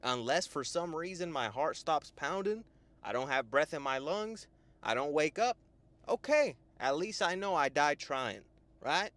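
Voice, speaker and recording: A young man and life coach giving a profane, lively motivational monologue, often tagging "right?". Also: fairly high pitch, measured pace, no room sound. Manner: animated, profane, full of "right?" tags.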